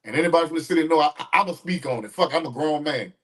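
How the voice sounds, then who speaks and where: Fast-talking New man, off-mic. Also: a little high, recorded from a distance. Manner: brash, profane, repeats words when excited. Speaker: podcast host. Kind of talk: casual street storytelling.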